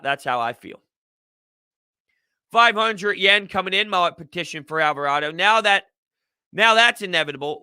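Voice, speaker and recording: A man's voice: fairly high pitch, bright, forceful tone, smooth, dry recording, clean studio sound. A man hosting a casual livestream sports talk show, emphatic and repetitive as he vents frustration. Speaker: host.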